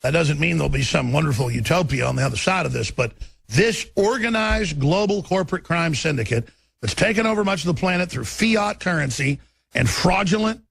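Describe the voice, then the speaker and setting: A man's voice: a little high, lively intonation, fairly quick, creaky, a bit bright, slightly rough. A middle-aged man, hosting a political talk radio show in an intense, ranting, emphatic way. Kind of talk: political commentary broadcast.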